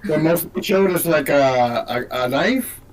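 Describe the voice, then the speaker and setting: Male podcast co-host, lively, higher pitch, argumentative teasing, distant mic. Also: unhurried. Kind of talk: casual chat reviewing a movie.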